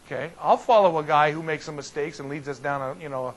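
Guy pastor doing casual bible study, kinda high voice, folksy and animated, lots of restarts. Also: quick pace, poor audio. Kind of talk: informal Bible study teaching.

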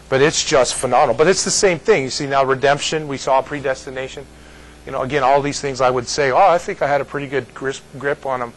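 A man's voice: mid-range voice, low-quality recording. A man as pastor giving conversational Bible teaching, rambling and folksy, often asking "you see?".

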